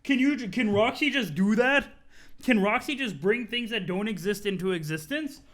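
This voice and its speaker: A streamer reading a webcomic live, reacting in an excitable, chatty way. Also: mid-range voice, normal speed. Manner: excitable, chatty, swearing often.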